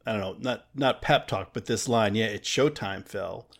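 A man co-hosting a casual film discussion, musing out loud with hesitant restarts. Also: fairly low pitch, moderate pace, creaky. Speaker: podcast co-host.

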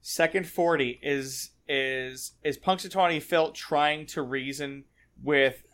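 A man co-hosting a casual film discussion, playful and quick to act out characters. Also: clear, resonant tone. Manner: playful, acts out characters in excited high voices. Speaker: podcast co-host.

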